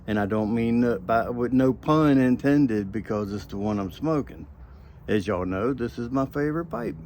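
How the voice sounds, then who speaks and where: A man's voice: mid-range voice, animated, moderate pace, darkish tone, a little hiss or hum. A man hosting a casual pipe tobacco review video, talking in a folksy, rambling way with joking asides.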